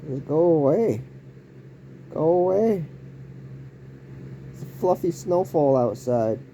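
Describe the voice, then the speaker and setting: A man rambling through a casual home vlog indoors, using odd word choices and breaking into sudden yelled outbursts. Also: mid-range voice, slight background noise. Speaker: vlogger.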